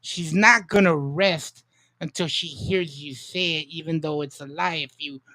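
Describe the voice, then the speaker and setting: A man's voice: on the high side, measured pace, pushed and bright. A man hosting a casual livestream chat, emphatic and repetitive, swearing now and then. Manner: emphatic, repeats himself, swears. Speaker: livestream host.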